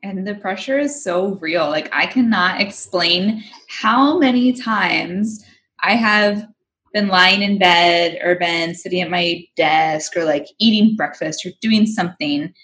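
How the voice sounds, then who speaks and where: A woman's voice: lowish voice, measured pace, slight background noise. Frank, swearing woman co-host in casual chat. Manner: candid, swears freely, acts out her own excited thoughts. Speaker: podcast co-host.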